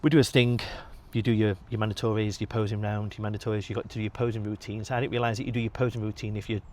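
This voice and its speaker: Fast-talking bodybuilder telling stories. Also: male voice, on the low side. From England. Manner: swears freely, animated storytelling. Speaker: podcast guest, bodybuilder. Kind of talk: casual storytelling.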